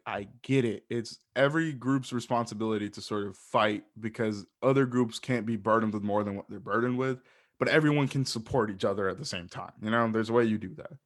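A man's voice: fairly low pitch, fairly bright tone. A man talking in a casual podcast chat, passionate and rambling, swearing freely as he makes his point.

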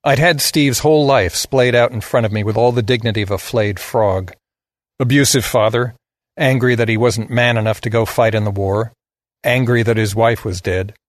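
A man's voice: mid-range voice, normal speed, no room sound, clean studio sound. A man giving a scripted narration of a story in a blunt, sardonic manner.

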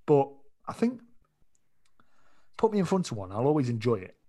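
A man's voice: medium pitch, wildly swooping pitch, moderate pace, dark tone. A man co-hosting a podcast, chatting easily about a film and laughing along. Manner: laughing, easygoing, meandering. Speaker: podcast co-host. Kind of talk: casual film chat.

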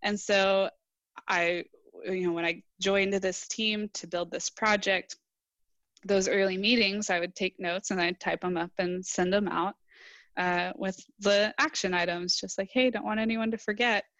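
A woman's voice: medium pitch, level tone, a little slow, a bit bright, no echo, dull audio. A young adult woman engineer, a podcast guest, answering earnestly and reflectively in casual interview talk. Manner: earnest, reflective, quotes herself in dialogue.

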